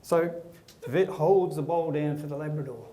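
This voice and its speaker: Male comedian, high voice, chatty joke delivery. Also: moderate pace, mellow. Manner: chatty storyteller who acts out the characters. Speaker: guest comedian. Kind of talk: joke telling.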